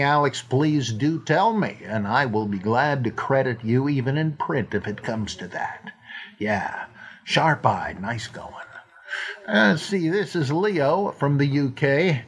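A man's voice: medium pitch, breathy edge. An older man hosting a podcast and answering listener questions in a casual, wry, self-deprecating way, rambling with frequent restarts.

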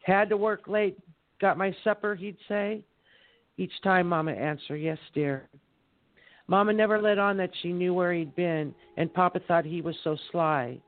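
A man reading his rhyming poem aloud in a measured recital on a live poetry show. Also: high voice, fairly even intonation, dry recording. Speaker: poet reading on air. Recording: tinny phone line.

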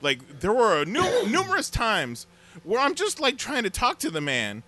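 Co-host, male, bright and bouncy, quick to laugh and make crude jokes. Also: sits high, wildly swooping pitch. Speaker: podcast co-host. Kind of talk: casual chat.

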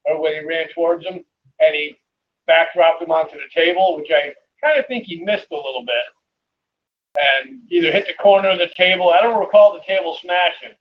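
A man's voice: a little high, brisk, dull audio, a little hiss or hum. A man co-hosting a casual wrestling review show, talking hesitantly with lots of fillers. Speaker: podcast co-host.

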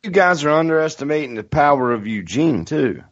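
Male co-host, expressive swinging pitch, giggly; dry, dull line. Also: a little fast, no room sound. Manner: animated, laughs often, acts out scenes. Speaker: podcast co-host. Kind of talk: casual chat. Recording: dull lo-fi Skype audio.

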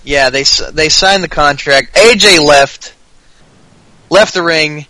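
A man's voice: fairly high pitch, slow pace, pushed and bright, no echo, poor audio. A man with a Southern US accent co-hosting a podcast, recapping wrestling in a sarcastic, profane way. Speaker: podcast co-host. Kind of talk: casual chat.

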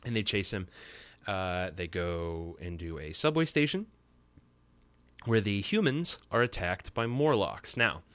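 Low, dry-voiced man rambling through a podcast recap. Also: a bit bright, no echo. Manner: rambling and joking, with frequent fillers. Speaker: podcast host. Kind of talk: casual solo episode recap.

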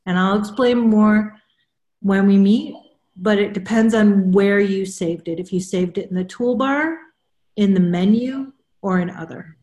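Slow-talking woman on a roomy call. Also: medium pitch, a little mellow. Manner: unhurried, repeats and restarts while explaining. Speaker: spiritual counselor. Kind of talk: casual group call chat. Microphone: video call. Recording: roomy echo.

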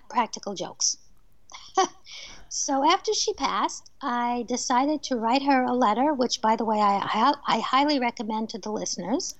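High-voiced woman telling lively stories. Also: no echo, muffled recording. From New Jersey, USA. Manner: lively storyteller who laughs often. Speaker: medium and author, guest. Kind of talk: radio interview, telling personal stories.

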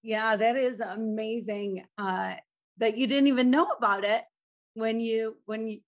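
A woman's voice: a little high, fairly even intonation, unhurried. Woman co-host, effusive and emotional, casual interview chat.

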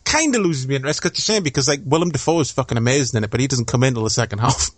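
A man rattles along at a quick clip, casual and sweary, dropping "like" into nearly every line. His voice sits dry and close, with no room sound around it. He is a podcast host chatting about films with a friend. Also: medium pitch, lively intonation, no echo. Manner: loose and sweary, heavy use of "like". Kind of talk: casual film chat.

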